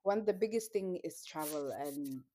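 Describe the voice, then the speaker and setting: A woman's voice: sits low, expressive, moderate pace, mellow. A young woman co-hosting a casual podcast, teasing playfully and laughing often. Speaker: podcast co-host. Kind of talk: casual chat.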